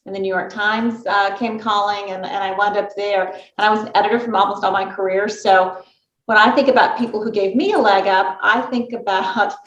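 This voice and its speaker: A woman panelist who speaks in a relaxed, conversational way about her start in journalism. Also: medium pitch, fairly quick. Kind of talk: panel discussion. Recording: roomy, dull lo-fi sound.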